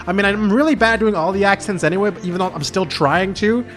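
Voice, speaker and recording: A man streams a game with casual let's-play commentary, talking loosely, mocking himself, and swearing often. His voice sits high and a bit bright, moving at a quick pace over background music.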